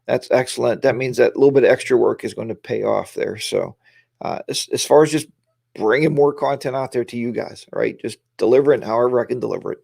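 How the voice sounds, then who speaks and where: A man's voice: medium pitch, fairly quick, creaky, a little mellow, breathy edge, no room sound, studio quality. A tired middle-aged man hosting a casual live stream, rambling and greeting viewers by name.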